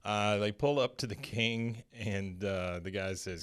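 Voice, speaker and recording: A man's voice: on the low side, a little slow, hardly any pauses, fairly bright tone, smooth. A man co-hosting a podcast in a casual, laid-back chat, recapping an episode and acting out lines. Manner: laid-back, acts out quoted lines with bursts of laughter. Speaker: podcast co-host.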